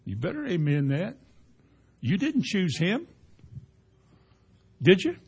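A man preaching a folksy sermon, rising to loud emphatic peaks. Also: high-pitched, wildly swooping pitch, slow pace, slightly rough. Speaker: pastor.

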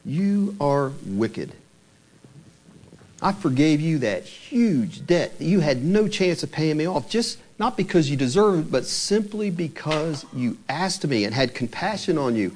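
A preacher putting on a slow, grave king. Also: on the high side, big pitch swings, a little mellow, rough recording. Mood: stern rebuke. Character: stern wronged king rebuking a servant.

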